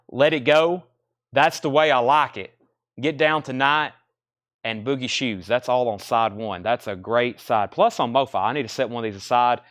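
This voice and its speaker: A man's voice: medium pitch, a bit bright, clear, resonant tone, no room sound, clean studio sound. Breathless man running a live record sale. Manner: brisk, matter-of-fact auctioneer patter. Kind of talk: live sales stream, rattling off prices.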